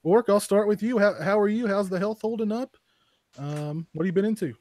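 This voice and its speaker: A man's voice: sits high, a little fast, a little mellow, no room sound. A man hosting a casual podcast chat, rambling with lots of fillers and repeated words. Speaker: podcast host.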